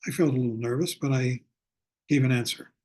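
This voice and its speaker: An older man teaching a Buddhist class over a video call, speaking in a reflective way and slowing down to stress his points. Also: mid-range voice, fairly even intonation, a little mellow. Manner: reflective, slows down for emphasis. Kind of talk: online lecture with storytelling.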